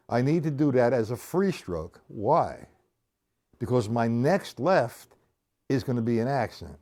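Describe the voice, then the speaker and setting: A man's voice: medium pitch, darkish tone. A middle-aged man, teaching drums on a live stream, chatting with viewers and explaining each stroke step by step while counting beats aloud. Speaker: drum teacher. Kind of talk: live-streamed drum lesson.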